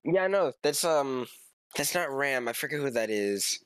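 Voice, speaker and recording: A man with a bright, crisp voice teases his friends in a casual gaming chat. His pitch swings widely as he jokes around. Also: lively intonation, measured pace. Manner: teasing, laughing. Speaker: stream guest.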